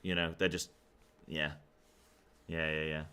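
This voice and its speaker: Bright-toned casual male streamer. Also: a bass voice, little pitch movement, unhurried, clean tone. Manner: talks in loose run-on thoughts with many fillers. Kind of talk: casual stream chat about a game.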